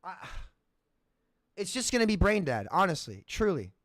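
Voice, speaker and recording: A man's voice: sits high, big pitch swings, normal speed, fairly bright tone, no echo, studio quality. A man streaming a game, ranting in heated, profane bursts and repeating himself as he talks. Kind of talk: livestream rant between matches.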